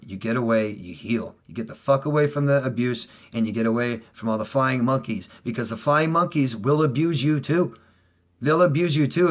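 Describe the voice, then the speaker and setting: A middle-aged man, a relationship coach, talking straight to viewers in a heated, profane way, swinging between loud outbursts and low, quiet stretches. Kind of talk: casual monologue to viewers.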